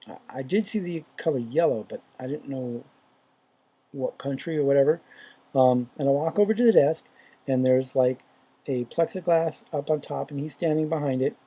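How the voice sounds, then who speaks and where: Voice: mid-range voice, moderate pace, mellow, breathy edge. A faith vlogger casually retelling a dream, rambling and hesitant, with lots of fillers and restarts.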